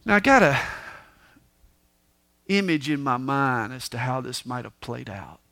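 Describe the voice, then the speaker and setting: A man preaching a sermon, moving between booming emphasis and hushed, quiet asides as he tells the story. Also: sing-song, a little slow, creaky. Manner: dramatic preaching, swings from loud to hushed. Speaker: pastor.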